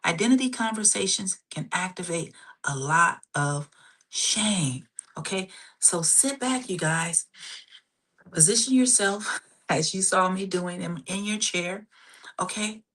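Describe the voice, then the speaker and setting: A middle-aged woman therapist hosting a live stream, repeating phrases, checking in often with "okay?", and slowing down softly to guide breathing exercises. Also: on the low side. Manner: repeats phrases, frequent "okay?" and "you guys" check-ins; slows and softens for relaxation exercises.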